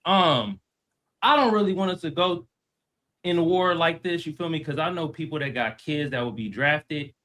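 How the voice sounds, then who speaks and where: A man's voice: a little high, normal speed, sharp tone. A man talking loosely and full of slang on a live online debate stream. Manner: slangy, loose, calls people bruh. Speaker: debate guest. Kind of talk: casual livestream debate.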